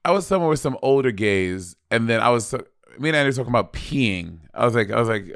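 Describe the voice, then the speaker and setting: A man's voice: mid-range voice, brisk, vocal fry, hardly any pauses, a bit bright, no room sound, studio quality. A man in his thirties co-hosting a podcast, chatting in a campy, blunt way and swearing freely. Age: 30s. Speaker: podcast co-host. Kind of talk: casual chat.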